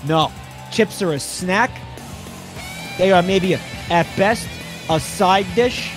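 A man doing excited play-by-play commentary on a wrestling match, rambling and swearing, bursting into yells. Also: fairly high pitch, measured pace, pauses often, music in the background.

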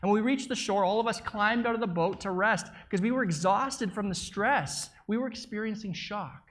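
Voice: medium pitch, brisk, a bit bright. Preacher retelling a story as eyewitness. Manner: vivid retelling as an eyewitness, with small stumbles. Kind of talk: first-person dramatic storytelling sermon.

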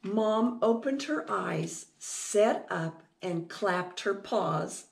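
A woman's voice: medium pitch, lively intonation, drawn-out words, creaky, reverberant. A woman reading a picture book aloud to children, sing-song and asking them questions. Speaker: children's storytime reader.

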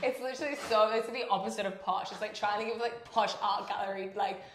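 A woman co-hosting a casual recap chat, talking fast with lots of "like" and laughing often. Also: mid-range voice, level tone, fairly bright tone, roomy sound. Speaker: podcast co-host.

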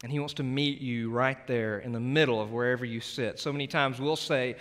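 A male pastor giving an altar call in a church, earnest and pleading, shifting between loud urging and hushed prayer. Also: medium pitch, steady tone, a little fast, few pauses. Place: church sanctuary. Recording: long church hall reverb with soft music.

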